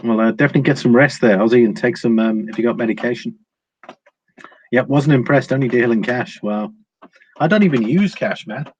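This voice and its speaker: Reading viewer comments aloud and answering them, a man hosts a casual live stream, with frequent fillers and restarts. His medium-pitched voice moves a little fast with fairly even intonation. The sound is dull and lo-fi, with a faint hiss.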